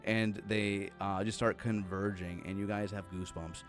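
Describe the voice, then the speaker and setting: Low-voiced male game master. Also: little pitch movement, normal speed, soft background music. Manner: loose, filler-heavy narration. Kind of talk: narrating a horror tabletop game.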